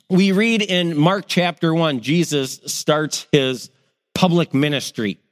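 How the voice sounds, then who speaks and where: High-voiced preaching man in a reverberant hall. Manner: animated preaching with acted-out reactions. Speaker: pastor. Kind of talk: sermon.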